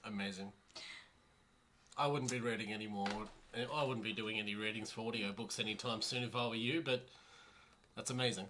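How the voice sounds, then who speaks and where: A man co-hosting a casual podcast, jokey, quick to laugh and swear. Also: lowish voice, steady tone, bright, forceful tone, slight background noise. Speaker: podcast co-host.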